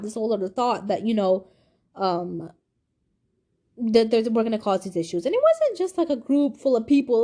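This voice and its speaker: A woman's voice: on the high side, dark tone. A young woman, around eighteen, candidly telling a personal story in a rambling, casual way full of "like" and "you know". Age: young adult. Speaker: vlogger.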